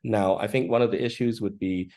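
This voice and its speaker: A man, an oncologist, giving a measured talk in his early-morning voice over a video call, pausing often with "uh". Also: on the low side, fairly even intonation, warm tone. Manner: measured, frequent "uh" pauses. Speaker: oncologist presenting research. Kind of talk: conference talk and Q&A.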